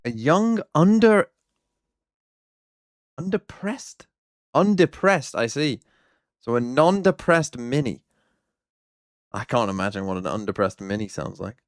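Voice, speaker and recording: A co-streamer watching a match, chatting in a relaxed, joking way. The pitch jumps around a lot, and the talk is slow and clear. It sounds close and dry. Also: no echo. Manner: joking, jumping between muttered asides and exclaims. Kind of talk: casual watch-party chat.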